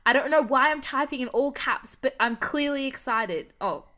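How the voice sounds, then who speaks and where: A woman's voice: high voice, expressive, moderate pace, sharp tone. A young woman co-hosting a podcast in a giggly, bubbly manner, at times reading aloud. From Australia. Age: young adult. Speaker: podcast co-host. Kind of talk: casual chat.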